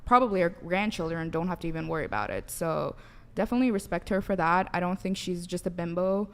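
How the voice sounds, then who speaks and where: A woman's voice: lowish voice, quick pace, a bit bright, smooth. Thoughtful young woman guest. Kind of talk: casual panel chat.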